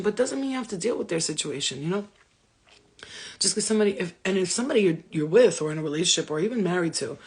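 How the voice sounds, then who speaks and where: Blunt, profane woman with a gravelly voice. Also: on the low side. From Albanian family background. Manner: blunt, profane, candid storyteller. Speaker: vlogger. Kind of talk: casual monologue to camera.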